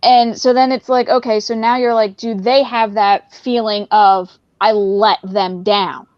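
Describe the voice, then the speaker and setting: A woman guest in a casual conversation who talks in an animated way and often acts out what a dog might be thinking. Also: on the high side, normal speed, clear, resonant tone, dry recording, dull audio.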